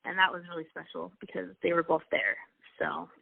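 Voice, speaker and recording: A woman's voice: lowish voice, steady tone, brisk, vocal fry, breathy edge, dry recording. A young woman, a coach's wife, telling personal stories in a chatty, emotional way with frequent restarts. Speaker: interview guest, wrestling coach's wife. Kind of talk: casual personal storytelling. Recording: tinny phone-like line, dry.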